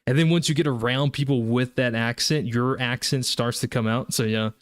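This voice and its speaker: A man's voice: mid-range voice, steady tone, moderate pace, dry recording, clean studio sound. Chatty Southern US man, rambling. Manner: rambling, chatty, many fillers and restarts. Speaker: gaming streamer. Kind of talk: casual live-stream chat while gaming.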